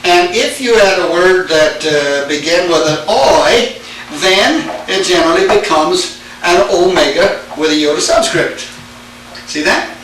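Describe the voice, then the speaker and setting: A man's voice: sits high, expressive, a little slow, a bit bright, slight background noise. A man teaching Greek grammar in a classroom, quizzing students with "all right?" and "now then". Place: church classroom. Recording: echoey room tape from far off.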